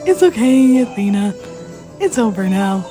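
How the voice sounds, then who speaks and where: A woman's voice: mid-range voice, big pitch swings, a little slow. A woman voicing an earnest, emotional young male defense attorney in a fan dub, with music behind. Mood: relieved.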